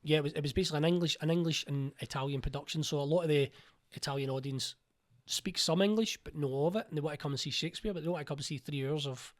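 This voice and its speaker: Glaswegian guy, quick talker, kinda high voice, acts out all the quotes. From Scotland. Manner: animated, acts out quotes with raised pitch. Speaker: actor and playwright, guest. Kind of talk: casual interview storytelling.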